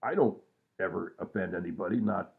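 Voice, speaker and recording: A man's voice: low-pitched, fairly quick, vocal fry. A man in his sixties rambling casually and self-mockingly at home at night, trailing off with lots of fillers. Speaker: vlogger. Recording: tinny phone-like sound.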